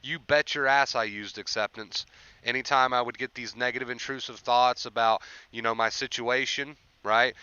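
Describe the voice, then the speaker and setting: A man's voice: medium pitch, steady tone, brisk, pushed and bright, smooth, no room sound, highs cut off. A young man hosting a casual livestream, encouraging viewers about anxiety recovery and reading chat aloud.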